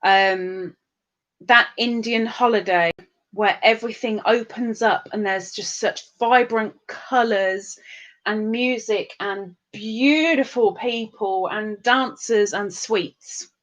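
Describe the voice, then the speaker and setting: A woman's voice: medium pitch, slow, fairly bright tone. A woman, hosting a livestream and chatting casually as she reads out and greets viewers' comments in a sing-song, giggly way. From England. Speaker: livestream host.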